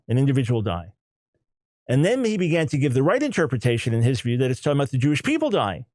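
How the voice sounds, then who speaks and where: A man in his sixties hosting a radio talk show, talking emphatically and in quick, animated bursts. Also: mid-range voice, dry recording.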